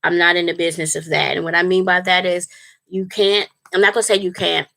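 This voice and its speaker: A woman's voice: on the low side, level tone, quick pace, creaky, a bit bright. A woman, a spiritual life coach, talking casually and earnestly to her longtime viewers on a livestream, rambling with fillers and restarts.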